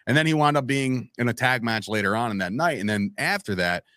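A man telling stories as a podcast guest in a casual, animated way, acting out quoted lines and calling the listener "bro" and "man". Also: mid-range voice, fairly quick, no echo, clean studio sound. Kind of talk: casual storytelling chat.

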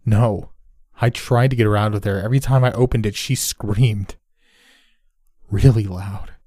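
A man's voice: fairly low pitch, fairly even intonation, a little slow, dark tone, no room sound, studio quality. A man voicing a terrified teenage boy who pleads with a trembling voice. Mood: tense.

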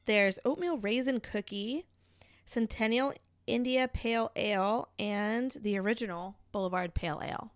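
A woman's voice: fairly high pitch, moderate pace, no room sound. A chatty woman co-hosting a podcast, talking casually with a teasing, playful edge. She sounds a little out of breath. The sound is dry and close. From Kansas City area, USA. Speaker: podcast co-host. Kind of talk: casual chat.

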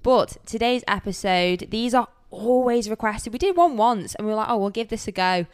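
Woman, chatty co-host, smooth clear voice, bubbly and playful. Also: fairly high pitch, lively intonation, normal speed, darkish tone. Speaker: podcast co-host. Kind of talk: casual chat.

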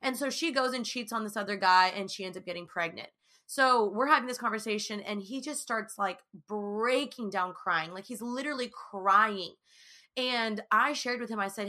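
A woman's voice: mid-range voice, moderate pace, sharp tone. A young woman talking casually and earnestly to viewers about her faith, with many fillers. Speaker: Christian speaker sharing her testimony.

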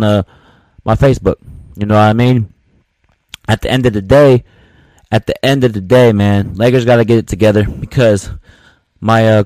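A man's voice: medium pitch, dry recording. A man hosting his own sports podcast, venting casually in slang with many repeated words. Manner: slangy, repetitive, frustrated venting.

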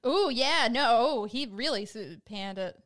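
A woman's voice: a little high, lively intonation, unhurried, fairly bright tone. A woman co-hosting a podcast, chatting casually, hedging with "like" and laughing easily. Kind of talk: casual chat.

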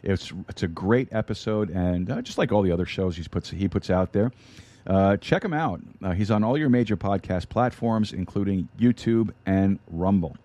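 Male podcast host, deep and warm, loose chatty delivery with lots of fillers, dry close mic. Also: moderate pace, no echo. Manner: rambling with frequent fillers and restarts. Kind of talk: casual announcements.

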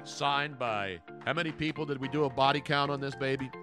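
A man's voice: mid-range voice, brisk, over music. A man hosting a sports podcast in casual chat, blunt and opinionated, cutting in over his co-hosts. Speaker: podcast host.

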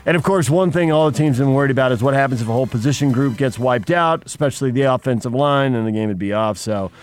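A man's voice: medium pitch, fast talker. A man co-hosting a sports radio show, reading headlines and teasing his partner with dry humor. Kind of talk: casual sports radio banter.

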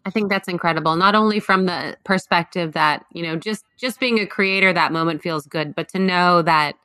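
Smooth bright woman interviewer, dry sound. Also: low voice, no echo. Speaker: interviewer host. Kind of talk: interview questions.

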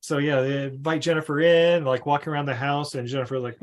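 A man's voice: fairly high pitch, little pitch movement, fast talker. A man hosting a film podcast, recapping the plot casually with swearing, laughs and acted-out voices. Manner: laughing, profane, acts out the characters. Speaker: podcast host.

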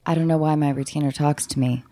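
A woman's voice: low voice, steady tone, quick pace, warm tone. A woman in her twenties as a podcast guest, playfully telling absurd stories in casual comedic chat. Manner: playful, tells absurd stories with put-on quotes.

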